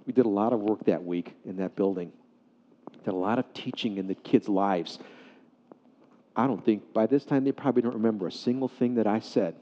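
A man preaching a sermon, telling a story with animated swings between loud excitement and hushed softness. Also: lowish voice, normal speed. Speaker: pastor. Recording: dull sound in a hall with long reverb.

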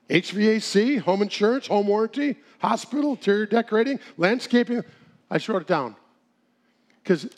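Middle-aged guy with a pretty high voice, folksy church talk, chuckles while telling stories. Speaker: speaker at a church seminar. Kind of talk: humorous sermon-style talk.

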